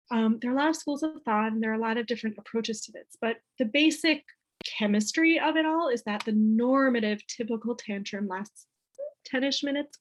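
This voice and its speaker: A woman's voice: fairly high pitch, rough recording. A woman leading a parenting workshop for a group, chatty and peppering her talk with "right?". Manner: chatty, keeps asking "right?".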